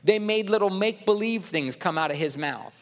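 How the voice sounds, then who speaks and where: A man's voice: high voice, expressive, brisk, long reverb tail. A male pastor preaching a sermon, telling stories emphatically and quoting his own words, in a church sanctuary. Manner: emphatic storytelling, quoting himself.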